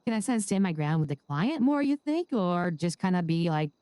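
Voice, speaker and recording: Woman, lowish voice, mellow, dry close sound, hesitant, rambling roleplay lawyer. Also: sing-song, a little fast, clean tone, dry recording. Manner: hesitant, rambling, many restarts. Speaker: lawyer character in a roleplay server. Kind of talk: casual in-character chat.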